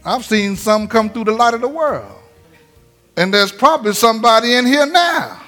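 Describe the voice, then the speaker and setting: High-voiced pastor, animated sermon, acts out voices. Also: male voice, normal speed, faint music behind. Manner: lively preaching, acts out voices, laughs often. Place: church sanctuary.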